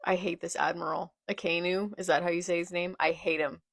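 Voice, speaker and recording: A woman's voice: lowish voice, little pitch movement, a little fast, gravelly, no room sound, studio quality. A young woman reacting live as she reads a manga, murmuring along and bursting into anguished outbursts. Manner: emotional, swings from murmured reading to anguished outbursts.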